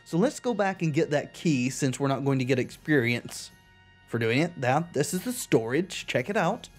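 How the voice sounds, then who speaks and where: A man hosts a video game playthrough, reading the on-screen text aloud before dropping dry jokes of his own. His voice sits somewhat high for a man. Faint background music runs underneath. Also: animated, moderate pace. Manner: reads game text aloud, then adds dry wisecracks. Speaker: let's play host. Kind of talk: game commentary.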